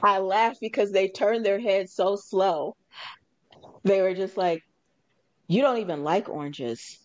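A woman's voice: medium pitch, measured pace, highs cut off. A woman hosting a radio talk show in a casual chat. She tells stories with energy, acts out other people's lines, and repeats her key points for emphasis. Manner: animated storyteller acting out others' lines.

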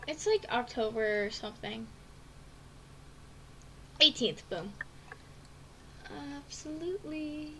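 A woman streamer giving casual let's-play commentary at her home computer, excitable, with gasping and squealing reactions. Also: on the high side, slow, long pauses, noisy background. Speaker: gaming streamer. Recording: keyboard clicks in background. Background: typing on a keyboard.

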